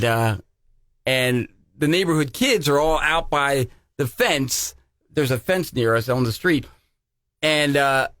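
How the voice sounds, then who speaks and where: A man's voice: mid-range voice, a bit bright, no echo, studio quality. A man from Connecticut, co-hosting a podcast and telling a self-deprecating story in casual chat. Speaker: podcast co-host.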